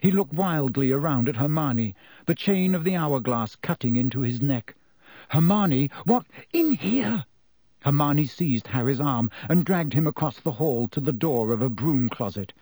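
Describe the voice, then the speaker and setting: A man's voice: mid-range voice, normal speed, hardly any pauses, warm tone, dry recording. A man reading a children's fantasy novel aloud as narrator, telling the story expressively. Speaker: audiobook narrator. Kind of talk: scripted narration.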